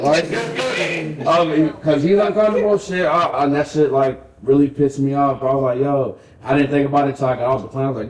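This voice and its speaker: A man's voice: medium pitch, moderate pace, echoey room, rough recording. A man co-hosting a podcast, chatting casually and animatedly, with plenty of swearing and acted-out dialogue. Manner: animated, profane, acts out dialogue. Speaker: podcast co-host. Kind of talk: casual chat, storytelling.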